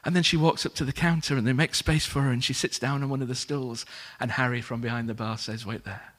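A man preaches a sermon through a story, his voice slightly husky. He is a lively storyteller who acts out the characters' lines. His pitch sits in the middle range for a man. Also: fast talker.

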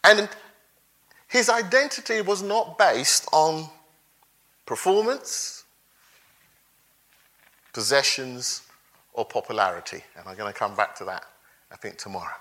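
Male preacher, animated sermon, fairly high, bright and sharp voice. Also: unhurried, pauses often. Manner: animated, laughs between points, acts out quotes.

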